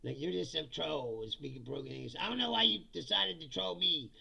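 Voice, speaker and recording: A man's voice: on the high side, expressive, fairly quick, creaky, pushed and bright, breathy edge. A man hosting a live comedy stream on politics, reading chat and mocking commenters with profane jokes and frequent laughter. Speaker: host. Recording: dull lo-fi sound.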